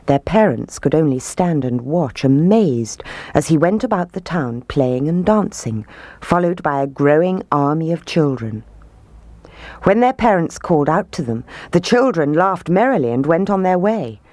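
A woman reading a storybook aloud with expressive, rhythmic narration. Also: deep voice, normal speed, dry recording.

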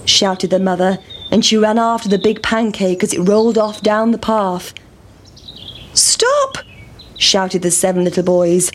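A woman reading a children's story aloud in a slow, clear storybook delivery. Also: mid-range voice, steady tone, a little hiss or hum.

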